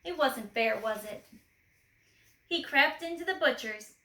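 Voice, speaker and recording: A woman reading a children's storybook aloud expressively, gently asking the listener questions. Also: high-pitched, animated, measured pace, reverberant, low-quality recording.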